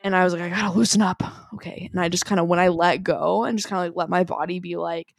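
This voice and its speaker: A woman co-hosting a podcast, telling a story in animated casual chat and saying "like" a lot. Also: fairly low pitch, quick pace, gravelly, no echo, clean studio sound. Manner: animated storytelling, heavy use of "like". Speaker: podcast co-host.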